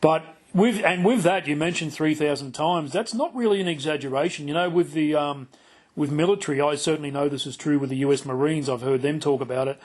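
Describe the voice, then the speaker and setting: Brief: middle-aged Australian host, a touch high-pitched, blunt and profane, telling stories with gusto. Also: male voice, fairly quick. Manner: blunt, swears freely, tells stories with gusto. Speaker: podcast host. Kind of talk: casual chat.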